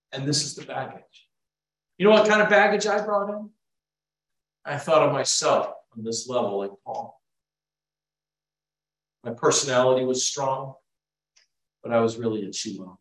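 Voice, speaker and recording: High-voiced preacher in an echoey hall. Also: male voice. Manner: dramatic swings from hushed to loud. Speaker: pastor. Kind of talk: sermon. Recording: echoey room, mic from far off.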